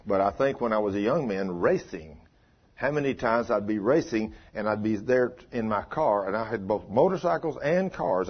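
Folksy husky older preacher. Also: male voice, lowish voice, muffled recording. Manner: folksy, storytelling, swings between loud and hushed. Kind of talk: sermon.

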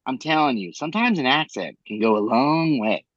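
A man co-hosting a podcast in casual chat, animated and rambling, with frequent swearing and asides. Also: medium pitch, brisk, no room sound, muffled recording. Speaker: podcast co-host.

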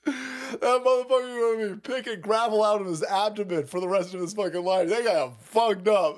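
A man's voice: high-pitched, normal speed, hardly any pauses. A man hosting a stream, ranting profanely while reacting to videos, laughing often and breaking into mocking squeals. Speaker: streamer host.

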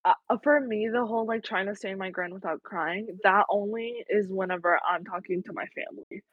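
A woman's voice: mid-range voice, normal speed, no room sound. Young woman, podcast co-host, candid casual talk, dull dry recording. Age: young adult. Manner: candid, swears freely, full of "like". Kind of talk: casual chat.

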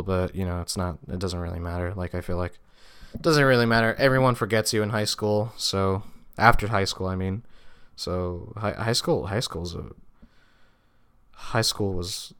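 A man's voice: sits low, steady tone, measured pace, clean tone. A young man hosting a solo podcast, rambling casually with lots of swearing, restarts and fillers. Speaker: podcast host. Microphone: podcast microphone.

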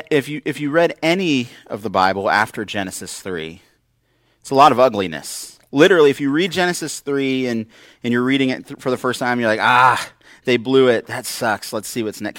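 A man's voice: on the low side, fairly bright tone, no room sound. Guy preaching in a church, chatty, jokey asides, acts out the voices, dry mic. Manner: conversational, acts out quoted voices with wry humor. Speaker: pastor. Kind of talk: sermon.

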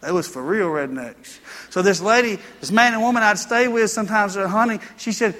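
A man's voice: high voice, fast talker, pushed and bright, big-room sound. A man preaching a sermon, mixing folksy country stories with emphatic preaching. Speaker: pastor.

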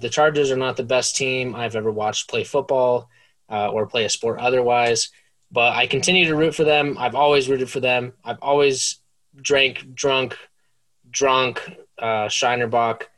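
Deliberate man reviewing beer. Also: medium pitch, a bit bright. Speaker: podcast co-host. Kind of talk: casual beer review chat.

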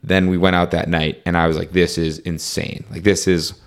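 A young man with a very low, deep voice tells a rambling road-trip story over a casual chat. He leans heavily on "like" and "um" and slips into quick reenactments of the back-and-forth. The delivery stays loose and conversational throughout. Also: little pitch movement. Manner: rambling, fillers like "like" and "um", reenacts dialogue.

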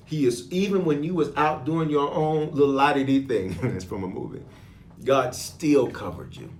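Man, preacher, mid-pitched voice, loud emphatic bursts, throat clearing, echoey room. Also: expressive, moderate pace. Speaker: bishop. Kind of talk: sermon and prayer.

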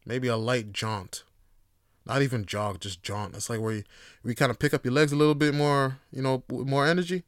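A man's smooth, resonant voice in a dry, close recording. He rambles through a casual solo podcast, swearing freely and leaning on filler words. When something gets him going, he turns loud and animated. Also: mid-range voice, a little fast, dry recording. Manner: loose, rambling and profane, with lots of fillers. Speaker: podcast host.

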